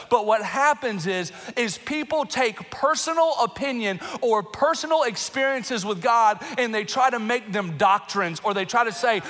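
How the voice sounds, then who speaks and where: A man preaching a sermon as pastor, emotional and animated, with bursts of laughter and raised emphasis. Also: high voice, moderate pace, few pauses, some chatter behind. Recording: long reverb in a large hall.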